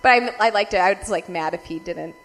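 Telling a story to her audience, this young female vlogger speaks quickly, swears heavily, laughs often and leans on "like" constantly. Her ranting comes with lively jumps in both loudness and pitch.

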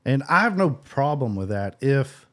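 A man interviewing a friend in casual conversation, talking haltingly and repeating his words. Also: mid-range voice, sing-song, a bit bright. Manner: backchannels, speaks haltingly with repeats.

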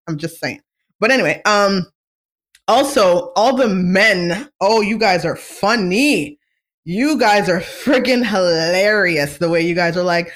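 Outspoken vlogger riffing on celebrity news, casual and animated, with a lively pitch. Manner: animated, swears freely, mimics others in high voices.

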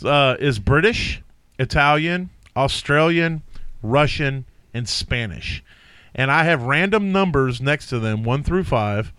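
A man's voice: mid-range voice, animated, takes it slowly, fairly bright tone, smooth, no room sound. A man co-hosting a casual podcast chat, talking hesitantly with frequent restarts and laughter. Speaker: podcast co-host. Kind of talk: casual fantasy sports chat.

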